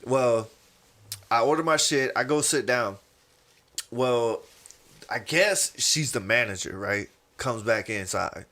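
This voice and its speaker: A man tells a story on a podcast, loose and animated, putting on other people's voices as he goes. His voice is bright and forward. He sits at a middle pitch and talks in a relaxed, chatty way. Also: slow pace, long pauses. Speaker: podcast co-host. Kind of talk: casual storytelling chat.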